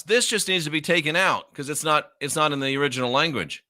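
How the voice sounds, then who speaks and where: Combative preacher, bright voice. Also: male voice, medium pitch, sing-song, quick pace, hardly any pauses. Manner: combative, mocking, emphatic repetition. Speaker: minister. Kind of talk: confrontational Bible teaching.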